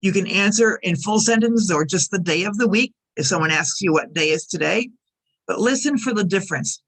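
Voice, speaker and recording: Lady teaching english, says each phrase slow and repeats it for learners. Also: mid-range voice, fairly bright tone. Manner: careful, repeats example sentences for learners. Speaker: ESL teacher. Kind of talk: slow clear teaching narration.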